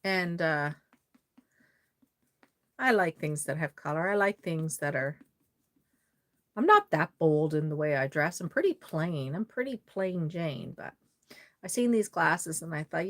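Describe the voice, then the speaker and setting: A woman's voice: low-pitched, sing-song, measured pace, long pauses, fairly bright tone. A woman from Nova Scotia, chatting casually on a live stream, rambling and reading out viewer comments as she works on a doll. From Nova Scotia, Canada.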